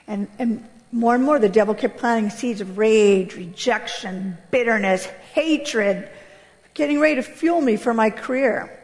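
A woman's voice: unhurried, darkish tone. Impassioned woman in a reverberant hall. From United States. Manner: impassioned, emphatic storytelling with sudden pitch jumps. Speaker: speaker giving a personal testimony. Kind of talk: emotional testimony to an audience. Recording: long reverb of a large hall.

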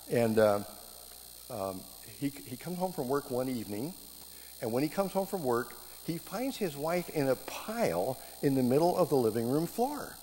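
A middle-aged man giving a sermon, telling stories with lively quoted voices. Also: medium pitch. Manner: animated storytelling, voices quoted speakers. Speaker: preacher teaching marriage classes. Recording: long hall reverb, faint background noise.

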